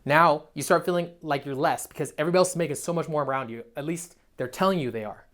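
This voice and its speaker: A man's voice: a little high, fast, fairly bright tone. A young man, a dating coach, giving a blunt, profane, emphatic motivational monologue. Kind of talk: motivational self-help monologue.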